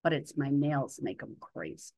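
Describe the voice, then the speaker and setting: A woman's voice: a bass voice, big pitch swings, normal speed, dark tone, heavily acted. A woman voicing a weary, bitter older female hospital patient who talks plainly and sounds resigned, with folksy grammar.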